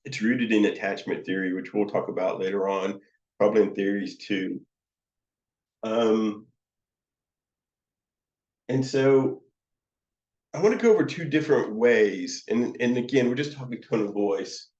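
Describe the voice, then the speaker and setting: Slow, halting man in an echoey room. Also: fairly low pitch, darkish tone. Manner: slow, halting, many fillers and restarts. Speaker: counseling supervisor. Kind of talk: teaching lecture with demonstrations. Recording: roomy, dull lo-fi sound.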